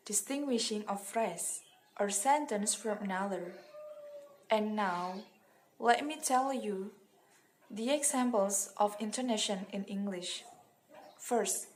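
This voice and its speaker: Slow, measured young woman student. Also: medium pitch. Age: young adult. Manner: reads prepared script. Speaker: student presenter. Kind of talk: class presentation. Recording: faint background noise.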